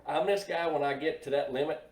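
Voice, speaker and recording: A middle-aged man, a guest on a podcast, telling plainspoken anecdotes in a laid-back, unhurried way. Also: a little high, steady tone, a little mellow, recorded from a distance. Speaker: guest, NASCAR team hauler driver. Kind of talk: casual storytelling in a podcast chat. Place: podcast table in a room. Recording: echoey room, voice a bit off-mic.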